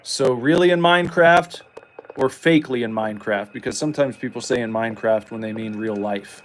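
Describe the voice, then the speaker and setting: A man talks through a horror game in loose, jokey commentary. His pitch sits in an ordinary middle range, and he breaks into sudden excited yelps. A faint hiss of noise runs under the voice. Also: brisk, poor audio. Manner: rambling, jokey, excitable outbursts. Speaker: gameplay streamer. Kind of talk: casual gameplay commentary.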